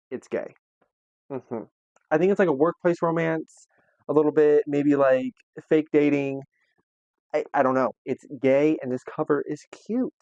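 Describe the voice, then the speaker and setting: A man's voice: mid-range voice, a little mellow, dry recording, highs cut off. Sassy, chatty young man. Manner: chatty, sassy and playful, with slang. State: a little out of breath. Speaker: booktube host. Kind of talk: casual book haul vlog.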